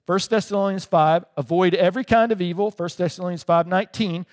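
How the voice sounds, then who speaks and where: A man with a high voice delivers a casual, conversational sermon, stopping often to check in with his listeners. The sound rings through a large hall with a long reverb tail, the way it would be picked up in a church sanctuary. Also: fast talker, a little mellow. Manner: conversational preaching with frequent "right?" asides. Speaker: pastor.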